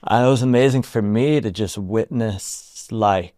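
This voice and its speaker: A man with a fairly low voice tells a story in a relaxed interview. He talks softly and haltingly, with many "like"s. The recording is close and dry. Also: no room sound. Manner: soft-spoken, halting, full of "like". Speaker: retreat founder and guest.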